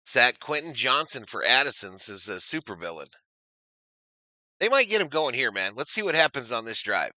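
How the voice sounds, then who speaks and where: A man doing energetic live play-by-play of a football game on his stream, stopping to read and answer viewer chat. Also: medium pitch, normal speed, dry recording. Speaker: live stream sports commentator.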